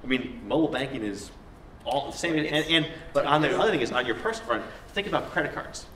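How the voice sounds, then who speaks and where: A man on a discussion panel, telling a lively story in casual conversation. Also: mid-range voice. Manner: animated storyteller, quick and lively. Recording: echoey room, distant mic, faint noise.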